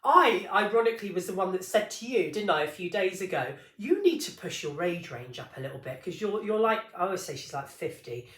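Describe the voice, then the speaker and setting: Bright-voiced woman in casual podcast chat. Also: fairly low pitch, lively intonation, brisk, hardly any pauses. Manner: candid, swearing, laughs often, acts out quoted lines. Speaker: podcast co-host. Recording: echoey room.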